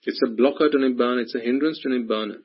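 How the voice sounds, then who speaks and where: Husky male Buddhist teacher giving a dharma talk, mid-pitched, many rhetorical questions. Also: rapid-fire. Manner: repetitive, full of rhetorical questions. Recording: dull lo-fi recording.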